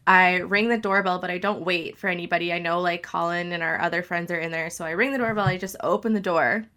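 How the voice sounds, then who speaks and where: A young woman telling a funny story in casual chat, animated and full of "like". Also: fairly low pitch, quick pace. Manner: animated, lots of "like".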